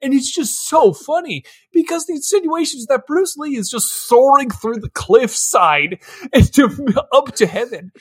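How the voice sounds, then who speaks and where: A man co-hosting a podcast in casual movie-review chat, excitable and laughing as he acts out scenes. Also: very high-pitched, normal speed, husky. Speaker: podcast co-host.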